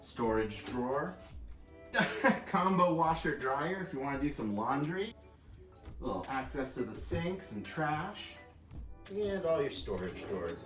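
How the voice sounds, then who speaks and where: A man from Louisiana giving a casual walkthrough tour, upbeat and jokey, chatting with small restarts. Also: mid-range voice. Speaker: vlogger touring a backyard unit. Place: small unit indoors and out, backyard.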